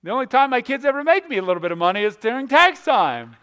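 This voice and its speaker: A man preaching a sermon as a pastor, moving between loud emphatic stretches and hushed ones, often repeating words as he goes. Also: extremely high pitch, sing-song, fast talker, smooth.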